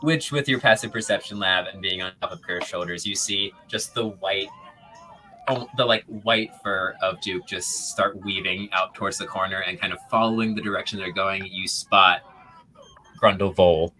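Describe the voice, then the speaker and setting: A woman narrating a tabletop game as game master, lively and descriptive. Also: extremely low pitch, normal speed, low-quality recording. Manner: lively, descriptive, hesitant fillers.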